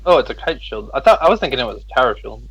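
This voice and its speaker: A man's voice: mid-range voice, big pitch swings, very fast, fairly bright tone, husky, poor audio. A man playing a tabletop game, chatty and thinking aloud. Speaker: player. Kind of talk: casual tabletop game talk.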